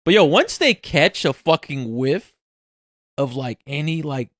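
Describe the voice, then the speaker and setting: A man hosting a casual chat, animated and profane, opening lines with "yo". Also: a little high, measured pace, dry recording, studio quality. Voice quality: animated, swears a lot, starts lines with "yo".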